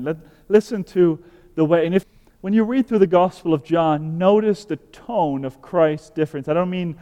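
A man delivers an earnest sermon in a smooth, mellow voice that sits a little high. His words ring out with the long reverb of a large hall, and his emphasis grows fervent. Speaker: pastor.

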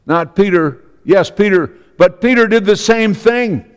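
A man preaching a sermon, slow and emphatic, with dramatic pauses and repeated phrases. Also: high voice, clear, resonant tone, in a large hall.

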